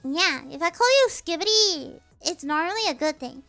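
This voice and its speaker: Woman streamer, squeaky high and bright voice, giggly rambling slang lesson. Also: expressive, normal speed, faint music behind. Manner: giggly, rambling, with many restarts. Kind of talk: casual livestream explanation.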